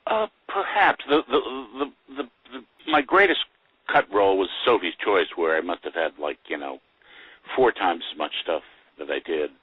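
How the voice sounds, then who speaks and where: A man's voice: sits low, normal speed, breathy edge, no room sound, phone-quality sound. An older man, a guest actor, telling chuckling anecdotes in a casual interview. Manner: chuckling storyteller with lively voices for quoted people.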